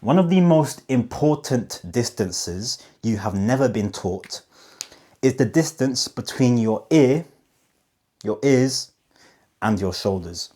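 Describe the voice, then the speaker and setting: A man's voice: medium pitch, lively intonation, mellow, slightly rough. A man coaching viewers on how they come across, speaking directly to camera with emphatic pacing and rhetorical questions. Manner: emphatic, slows down on key phrases; demonstrative, asks rhetorical questions. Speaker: communication coach.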